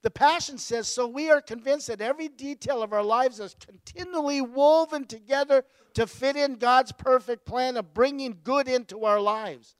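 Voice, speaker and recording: A man pastor delivering a sermon in a fairly high voice. He climbs to emphatic, raised peaks, then drops to low, quiet asides, and often laughs at himself. The sound is dry and close, with no room around it. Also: normal speed, few pauses, clean tone, no echo, low-quality recording.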